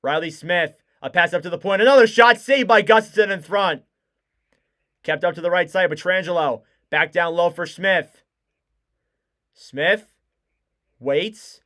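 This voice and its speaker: Excitable young man calling hockey live. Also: sits high, unhurried, long pauses. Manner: excitable, shouts and cries out on big plays. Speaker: fan play-by-play streamer. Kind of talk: live play-by-play commentary.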